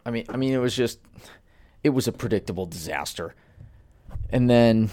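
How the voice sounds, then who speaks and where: A man's voice: mid-range voice, expressive, normal speed, long pauses, mellow, no echo. A man hosting a solo commentary podcast, ranting in an exasperated way. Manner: ranting, exasperated, swears at target. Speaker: podcast host.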